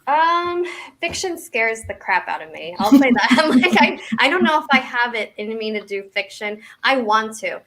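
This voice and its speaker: A woman's voice: fairly high pitch, big pitch swings, moderate pace, a bit bright. A woman around forty, guesting on an interview as a memoir author, talking casually with lots of restarts and self-deprecating asides.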